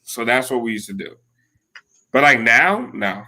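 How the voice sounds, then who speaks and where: This podcast co-host, a man in his thirties, sounds very animated yet unhurried, with a medium-pitched, bright, forceful voice. He chats casually, wandering through stories packed with swearing and the filler "like."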